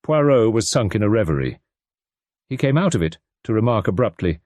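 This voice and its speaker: A man giving steady audiobook narration. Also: lowish voice, fairly quick, dry recording, studio quality.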